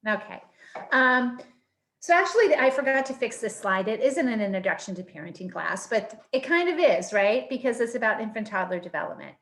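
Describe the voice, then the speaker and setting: A woman's voice: fairly high pitch, very animated, fairly quick, fairly bright tone. Enthusiastic woman professor on a webinar. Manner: enthusiastic, frequent um fillers. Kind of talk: webinar presentation.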